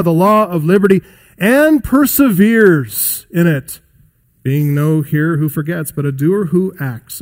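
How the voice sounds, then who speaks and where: A man delivering a sermon in a somewhat high voice. He preaches emphatically, swelling and then falling quiet, and keeps putting pointed questions to his listeners. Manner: emphatic, rising and dropping in pitch and loudness; asks the congregation rhetorical questions.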